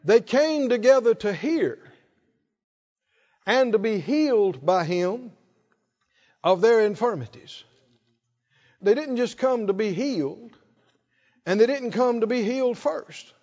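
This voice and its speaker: A man's voice: high-pitched, lively intonation, slow, pauses often, a little mellow, big-room sound, muffled recording. A middle-aged man preaching a sermon, emphatic, drawing out key words and prompting the congregation to answer. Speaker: pastor. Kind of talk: sermon with call-and-response.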